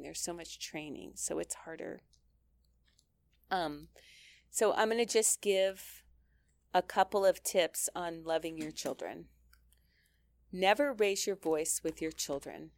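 In a dry recording, a middle-aged woman with a lowish voice gives an earnest, conversational Christian talk aimed at teaching mothers. She laughs lightly and often restarts her sentences.

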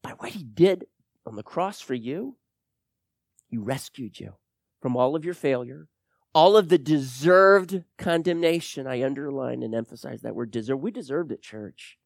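A man preaching a sermon to his church, dropping to a hush and then building to loud, emphatic points. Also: mid-range voice, expressive, normal speed, gravelly, no room sound, studio quality. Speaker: pastor.

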